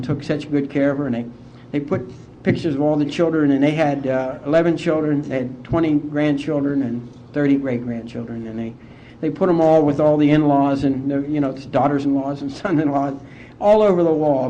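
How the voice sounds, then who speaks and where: A middle-aged man from West Virginia, speaking as an AA speaker and telling his recovery story to a conference in a heartfelt, unhurried way. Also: fairly high pitch, steady tone, warm tone, a little hiss or hum. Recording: dull lo-fi conference tape.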